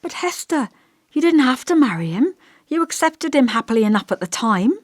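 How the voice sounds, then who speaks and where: An earnest young woman, voiced by a woman narrator, tentative and coaxing, her pitch lifting and falling a lot. The sound is close and dry. An audiobook read with light touches of character. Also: sing-song, normal speed, no echo. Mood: bewildered. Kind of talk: audiobook dialogue reading.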